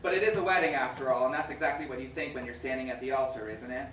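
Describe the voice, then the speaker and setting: A woman's voice: extremely low pitch, fairly even intonation, rapid-fire. A woman playing a wistful middle-aged male theatre fan, talking to the audience in a confiding, chuckling stage monologue. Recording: echoey stage recording from far off with loud noise.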